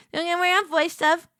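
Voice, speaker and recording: A woman streamer chatting casually while playing a game, telling stories in an animated way. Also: extremely high pitch, no echo, studio quality. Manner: animated storytelling with laughs. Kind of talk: casual chat while gaming.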